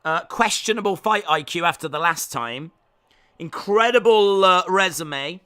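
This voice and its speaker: Bright, high English Midlands man. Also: expressive, a little slow, clear, resonant tone. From England. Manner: joking, teasing banter. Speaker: live-stream host. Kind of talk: live watch-along commentary, reading chat.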